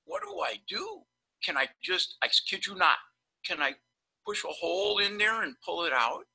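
Guy doing a flustered dentist, higher voice, stammery and panicky. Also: wildly swooping pitch, normal speed, creaky, sharp tone, husky, full character voice, rough recording. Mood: panicked. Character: panicky bumbling male dentist.

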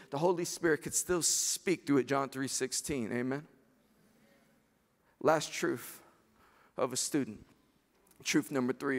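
A man preaching a chapel sermon with passion, building to shouted peaks as he acts out dialogue. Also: fairly high pitch. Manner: impassioned, rising to shouts. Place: large chapel hall. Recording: long hall reverb.

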